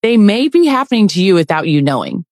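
A woman reading a scripted advertisement in a calm, informative way. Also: mid-range voice, fast talker, no room sound, clean studio sound. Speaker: ad announcer. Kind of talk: scripted ad read.

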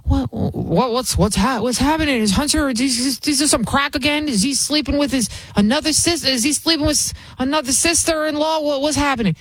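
A woman's voice: sits high, a little fast, few pauses, no room sound, pitched above the performer's own voice, close to an everyday voice. A woman mimicking a flustered, stammering old politician. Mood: confused. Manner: stammering, repeating himself, flustered. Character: bewildered elderly male politician, stammering and confused.

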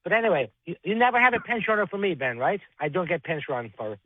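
Brief: male caller, high voice, deadpan jokester, tinny phone line. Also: fast talker. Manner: chatty, deadpan joke-telling. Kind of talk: call-in radio chat.

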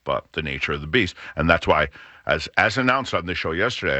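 Middle-aged male radio host, deep and bright, meandering chat, dry studio sound. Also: lively intonation, brisk, no echo. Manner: rambling with frequent restarts and fillers. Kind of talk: casual radio talk.

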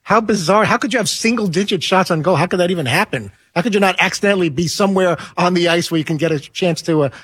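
A man's voice: sits high, quick pace, hardly any pauses, fairly bright tone, husky, no echo. A man co-hosting a sports radio show, needling the host and arguing points. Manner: needling, argumentative. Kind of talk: sports talk radio banter.

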